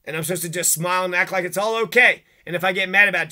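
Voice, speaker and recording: Furious ranting man with a bright voice. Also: high voice, steady tone, racing. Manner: agitated, profane, accusatory. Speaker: vlogger. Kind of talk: angry rant to camera.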